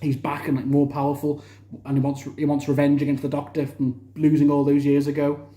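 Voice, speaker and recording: Young man, casual TV review, eager and rambling, warm tone, roomy echo. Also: a little high, monotone, brisk. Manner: enthusiastic, rambling with restarts and fillers. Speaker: TV review vlogger.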